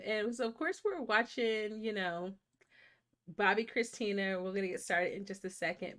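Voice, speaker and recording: A woman's voice: mid-range voice, fairly bright tone. Chatty woman hosting a movie stream. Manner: chatty, greets viewers by name. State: congested from a sinus infection. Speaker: live stream movie host. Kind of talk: casual live stream chat.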